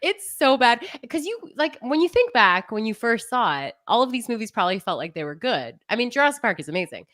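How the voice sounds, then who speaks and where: A young adult woman co-hosting a podcast in casual chat, animated and often laughing, mock-exasperated as she rants. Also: fairly high pitch, a little fast, hardly any pauses, no room sound, studio quality. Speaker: podcast co-host.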